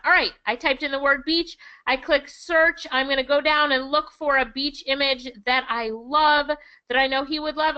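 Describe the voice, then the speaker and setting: A high, bright-toned woman with a Jamaican accent talks through a screen-share lesson in an enthusiastic, chatty way. The audio is a little dull and lo-fi, like a computer mic. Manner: enthusiastic, chatty, laughs often. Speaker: online income instructor.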